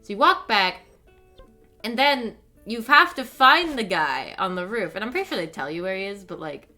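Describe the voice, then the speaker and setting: Bright-voiced woman ranting on stream. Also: mid-range voice, moderate pace, soft background music. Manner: animated, profane ranting with lots of "like". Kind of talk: ranting live-stream commentary.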